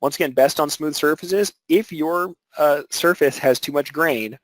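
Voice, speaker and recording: A man's voice: on the high side, normal speed, no echo, low-quality recording. A man teaching an embroidery webinar, explaining technique step by step with filler words and restarts. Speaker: embroidery instructor.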